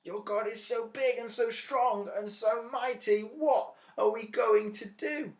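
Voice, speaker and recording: A man's voice: very high voice, steady tone, unhurried, pitched above the performer's own voice. A man voicing frightened male sailors, asking anxious, pleading questions. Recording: roomy echo.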